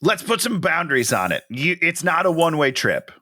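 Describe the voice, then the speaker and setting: Wry, animated man with a bright voice. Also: fairly high pitch, dry recording, clean studio sound. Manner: joking and wry, quick to laugh. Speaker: podcast co-host. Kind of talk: casual movie recap chat.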